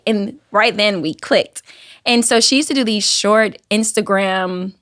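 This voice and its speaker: Woman in her 30s, softened Southern accent, animated interview guest, dry studio sound. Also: mid-range voice, a little slow, dry recording. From Alabama, US Southern. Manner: animated storyteller, acts out quoted voices. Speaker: guest, YouTube creator. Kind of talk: casual interview chat.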